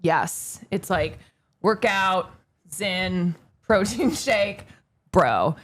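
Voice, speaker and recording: A woman chatting casually as a guest on a livestream, playful and quick to slip into theatrical impressions. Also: lowish voice, animated, fairly bright tone. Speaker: stream guest.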